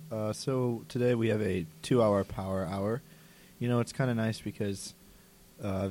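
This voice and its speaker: A young man co-hosting a radio music show. He talks in a relaxed, easygoing way and fills his sentences with ums and uhs. His voice sits somewhat low with a dark, mellow tone. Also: slight background noise. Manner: easygoing, many fillers. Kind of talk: casual radio chat.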